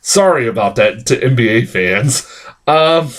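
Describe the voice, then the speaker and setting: A man's voice: mid-range voice, expressive, unhurried, a bit bright. A man giving a casual, rambling film review, full of filler words, swearing and self-corrections, sounding tired.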